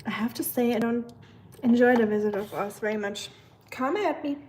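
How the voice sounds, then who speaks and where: A woman hosting a casual live cooking stream, chatting with viewers in a relaxed way. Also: on the high side, normal speed, slight background noise. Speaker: livestream cooking host.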